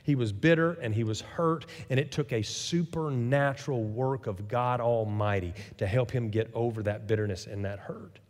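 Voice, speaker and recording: A man preaching a sermon, telling a story with lively acted-out quotes. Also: medium pitch, normal speed, hardly any pauses, in a large hall. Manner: animated storytelling, acts out quoted voices. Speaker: pastor.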